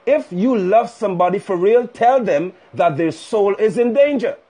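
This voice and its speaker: A man's voice: sits high, expressive, moderate pace, mellow, slightly rough. A man preaching fiercely on a livestream, rebuking and hammering points with repetition. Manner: fiery, rebuking, emphatic repetition. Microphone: phone livestream.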